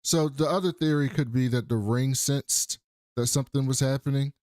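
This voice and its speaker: A man's voice: mid-range voice, normal speed, no room sound, clean studio sound. Man animatedly recapping a show. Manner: animated storytelling, profane. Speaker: podcast co-host. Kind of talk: casual TV recap chat.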